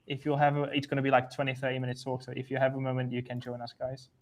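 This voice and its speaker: A man's voice: mid-range voice, completely flat delivery, rapid-fire. Man talking loosely, restarting often. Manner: loose grammar, repeats words, frequent restarts. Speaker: trading analyst co-host. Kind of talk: casual live-stream chat.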